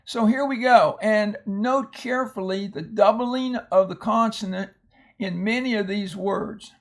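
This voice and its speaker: Slow gravelly man teaching phonics. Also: sits high. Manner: patient, explanatory, with homely asides. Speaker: reading teacher. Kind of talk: phonics lesson reading a word list.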